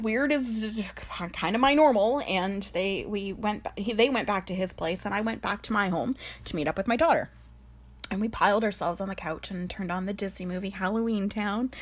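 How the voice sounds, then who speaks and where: A woman, a spiritual medium telling a personal story in a candid, conversational way that often sinks to a near-whisper. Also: fairly low pitch.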